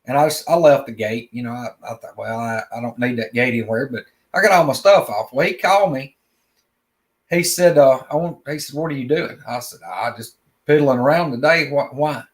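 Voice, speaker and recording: A man's voice: medium pitch, fairly quick. A man, telling a long personal story in plain, drawling talk, often repeating words as he goes. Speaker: guest storyteller. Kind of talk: casual spoken storytelling.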